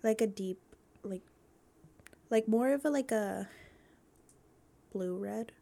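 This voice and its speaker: A young woman co-hosting a podcast, telling animated family stories in casual chat and laughing often. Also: mid-range voice, slow pace, creaky. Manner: animated storytelling, acts out family quotes, laughs a lot. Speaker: podcast co-host.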